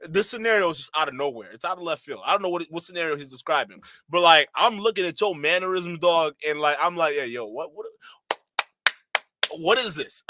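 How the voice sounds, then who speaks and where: Reaction-stream host: man, fairly high bright voice, slangy, laughs often, incredulous. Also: lively intonation, a little fast, no room sound. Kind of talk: casual reaction stream talk.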